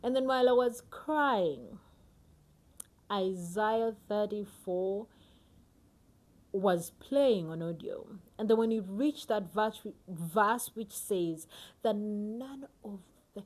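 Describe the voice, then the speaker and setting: A woman giving a personal devotional Bible teaching, earnest and emotional, often sinking to a hushed near-whisper. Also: mid-range voice, slow.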